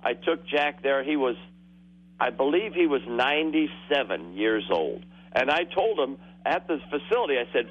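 A man in his sixties rings a radio show and tells wandering stories while laughing through them, his voice medium-pitched, slightly rough and lively in intonation at normal speed. The phone line comes through muffled.

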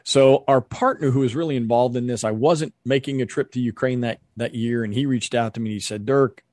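Interview guest, male, mid pitch, earnest and animated storyteller, dry close mic. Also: brisk, no echo. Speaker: ministry leader, guest.

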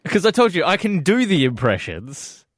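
A man's voice: fairly high pitch, huge pitch swings, moderate pace, no echo, studio quality. A man co-hosting a breakfast radio show, playful and laughing often. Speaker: radio co-host. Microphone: studio microphone.

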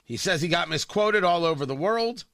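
A man's voice: high voice, lively intonation, normal speed, vocal fry, a bit bright, no room sound, studio quality. A man hosting a talk radio show, delivering an opinionated monologue in a combative, sarcastic way with emphatic repetition.

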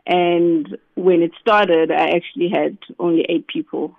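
A guest speaking over the phone in a relaxed interview, often saying "you know". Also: mid-range voice, a little slow, gravelly, no room sound. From South Africa. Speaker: guest, business founder. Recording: tinny phone line.

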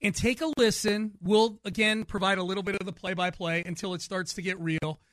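A man's voice: high voice, steady tone, brisk, a bit bright, no room sound, clean studio sound. A man hosting a radio talk show, chatting casually and often laughing with his co-host.

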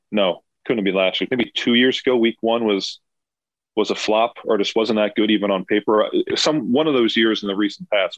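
A man's voice: fairly low pitch, no echo. A man co-hosting a podcast in casual chat, emphatic and opinionated. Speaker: podcast co-host. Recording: dull lo-fi dry sound.

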